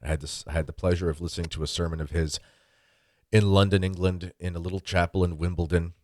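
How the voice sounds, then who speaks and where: Deep-voiced male podcast host. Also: level tone, fast, darkish tone, dry recording, clean studio sound. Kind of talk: casual chat.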